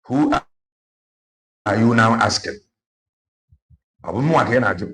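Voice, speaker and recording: A man's voice: on the low side, animated, moderate pace, fairly bright tone. A man with a Nigerian Igbo accent giving an impassioned political monologue, moving between Igbo and English with emphatic repetition. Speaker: online political commentator.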